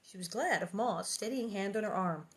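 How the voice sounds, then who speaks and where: A woman reading a book aloud at home and chatting between chapters, animated and quick to laugh. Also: medium pitch. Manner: animated, chatty, laughs often, acts out quotes. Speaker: reader and host of a reading series. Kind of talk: reading aloud and casual chat.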